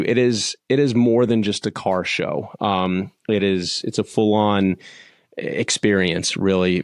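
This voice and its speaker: A man's voice: low voice, dry recording, clean studio sound. A man co-hosting a podcast, talking enthusiastically in casual chat with many restarts. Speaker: podcast co-host.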